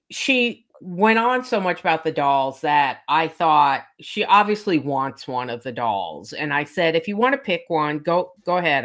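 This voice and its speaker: An older woman chatting casually and telling stories, bluntly and with swearing, acting out the people she quotes. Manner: animated, acts out quoted people with big pitch jumps, blunt and profane. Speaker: storyteller in a casual chat. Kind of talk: casual chat, telling anecdotes.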